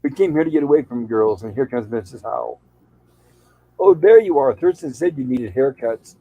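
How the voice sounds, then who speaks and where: A man's voice: medium pitch, expressive, brisk, creaky, dark tone, breathy edge, no room sound, low-quality recording. Man casually recapping an old sitcom. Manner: reads out quoted lines in a loose, chatty recap. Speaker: show host. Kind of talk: casual retelling of a TV episode.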